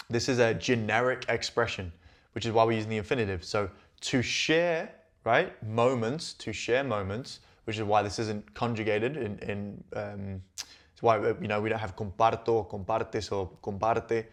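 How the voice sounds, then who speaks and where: A man teaching Spanish, walking slowly through on-screen sentences and repeating each phrase before translating it. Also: mid-range voice. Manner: patient, repeats phrases, thinks aloud.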